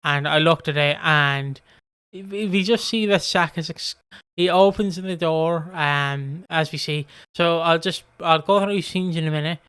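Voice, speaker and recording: A man's voice: fairly high pitch, unhurried, a bit bright, smooth, no echo. An Irish man co-hosting a podcast, chatting casually as he recaps episodes and acts out the characters' lines. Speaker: podcast co-host. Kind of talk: casual chat recapping a soap.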